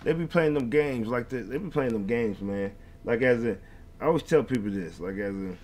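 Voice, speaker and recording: A man's voice: medium pitch, normal speed, a little mellow. A man hosting a reaction video, ranting in heated, profane, rambling casual commentary.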